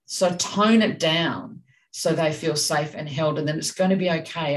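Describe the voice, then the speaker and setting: A woman's voice: sits low, unhurried, distant mic, a little hiss or hum, poor audio. A woman co-hosting a parenting talk, speaking in a direct, passionate, emphatic way. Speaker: parenting podcast co-host. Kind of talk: casual discussion.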